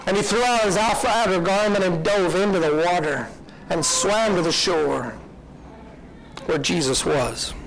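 A man's voice: high-pitched, measured pace, rough recording. A man preaching a sermon, retelling a story in an earnest, reflective way.

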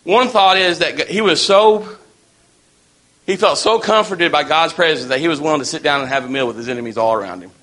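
A man's voice: a little high, fairly quick, pushed and bright. A man preaching a sermon in a folksy, storytelling way.

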